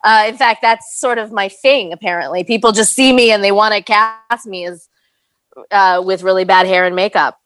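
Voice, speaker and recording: A woman's voice: mid-range voice, normal speed, fairly bright tone, no echo. A woman, an actress, answering in a casual interview chat with a hesitant, laughing, self-deprecating manner.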